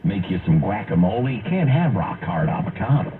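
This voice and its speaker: A man co-hosting a radio talk show, trading wry, deadpan quips in casual banter. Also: brisk, slightly rough. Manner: wry, deadpan quips, jumps around in pitch. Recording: tinny radio broadcast.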